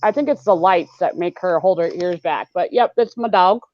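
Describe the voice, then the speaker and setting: A woman's voice: lowish voice, moderate pace, no room sound. A woman telling a bubbly, giggly story on a video call. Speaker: video hangout participant. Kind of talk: casual video call chat. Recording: dull, dry video call audio.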